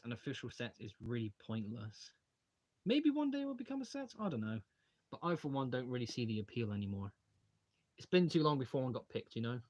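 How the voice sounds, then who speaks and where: A young man hosting a casual livestream, rambling as he takes brick models apart and reads out viewer questions. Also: medium pitch. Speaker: channel host live streaming a brick-model build. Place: home hobby room, taking models apart at a desk.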